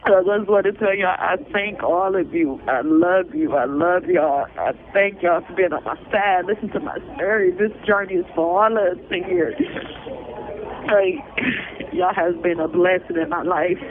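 Tired high-pitched guy begging for support on a tinny phone call, nervous laughs, worn out. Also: measured pace. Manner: pleading, weary, breaks into nervous laughs. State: exhausted. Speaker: person pleading for public support. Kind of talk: emotional spoken appeal. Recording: tinny phone line, faint noise.

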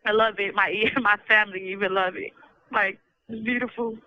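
A woman's voice: medium pitch, steady tone, moderate pace, long pauses, highs cut off. A middle-aged woman, tired and emotional, giving an earnest, rambling thank-you over the phone and repeating her gratitude. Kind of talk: heartfelt spoken thank-you message.

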